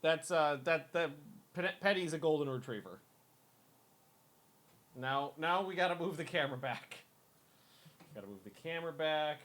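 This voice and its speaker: A man's voice: fairly high pitch, expressive, normal speed, long pauses, a bit bright. A man hosting a gaming video, giving casual let's-play commentary and repeating short phrases to himself as he plays.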